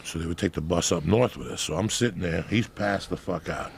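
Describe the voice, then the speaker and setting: A man in his fifties telling a loud, profane story in casual conversation, often breaking into laughter. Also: low voice, fairly quick, creaky, slight background noise. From New Jersey. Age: 50s. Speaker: comedian guest.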